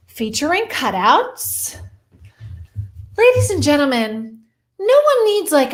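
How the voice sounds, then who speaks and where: A woman's voice: high-pitched, fairly bright tone. Breathless bubbly woman hosting a live stream. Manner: exuberant, greets viewers by name, self-mocking jokes.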